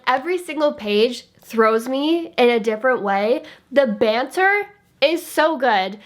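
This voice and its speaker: A woman talking straight to camera about books she loves, eager and rambling, with a lot of "like" between her thoughts. Her voice sits a little high. It is an unscripted, casual review. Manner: gushing, enthusiastic and chatty, full of "like". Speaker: book vlogger.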